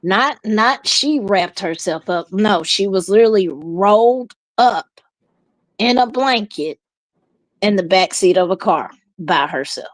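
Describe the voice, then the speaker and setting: A woman's voice: medium pitch, expressive, measured pace, no room sound, low-quality recording. A woman from Memphis with a Memphis accent, a guest telling stories bluntly and emphatically in a casual chat. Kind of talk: casual chat on a live stream.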